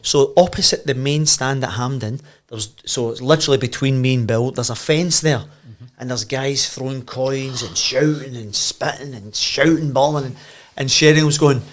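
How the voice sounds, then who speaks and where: A Scottish man in his fifties with a Glasgow accent, a podcast guest telling old football stories in a lively way, swearing and laughing as he goes. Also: mid-range voice, moderate pace, hardly any pauses. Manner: animated, laughs and swears freely while telling. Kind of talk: casual anecdote storytelling.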